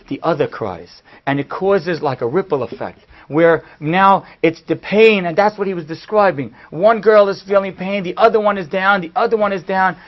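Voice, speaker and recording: A man giving a storytelling sermon, animated and acting out the people he quotes, in a dull lo-fi recording. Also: on the high side. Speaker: speaker giving a talk.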